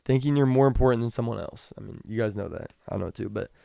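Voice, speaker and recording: A young man hosting a podcast, talking casually about the Bible, reading scripture slowly and rambling with frequent restarts. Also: mid-range voice, vocal fry, dark tone, no echo, studio quality. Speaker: podcast host. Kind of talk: casual Bible teaching talk.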